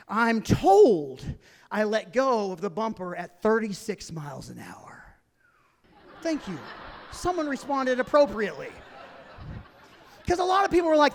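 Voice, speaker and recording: High-voiced excitable male comedian. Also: moderate pace, long pauses, big-room sound. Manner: excitable, animated, with bursts of laughter. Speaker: stand-up comedian. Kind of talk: stand-up storytelling. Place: stage at a comedy show.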